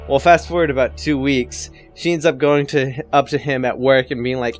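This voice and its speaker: A man's voice: mid-range voice, fairly even intonation, moderate pace, hardly any pauses, faint music behind. A man in his twenties telling stand-up stories in a casual, rambling way, often swearing. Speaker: comedian. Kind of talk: stand-up storytelling.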